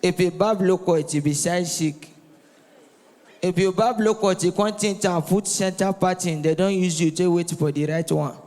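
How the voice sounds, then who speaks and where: A Nigerian comedian with a high, bright voice works a live crowd, teasing and shouting for responses. The sound carries a long reverb from the hall. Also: male voice, normal speed. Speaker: stand-up comedian. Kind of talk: stand-up comedy set in Nigerian Pidgin.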